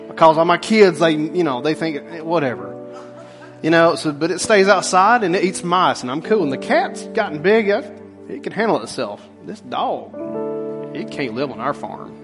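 A man preaching a casual, storytelling sermon, joking and talking straight to the congregation. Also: a little high. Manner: folksy, joking, animated asides to the congregation. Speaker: pastor. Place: church sanctuary.

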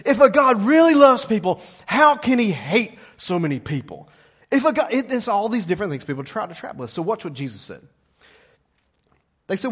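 A middle-aged man preaching a sermon as pastor, lively and calling on the congregation to answer back. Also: sits high, moderate pace. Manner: lively, calls congregation to respond.

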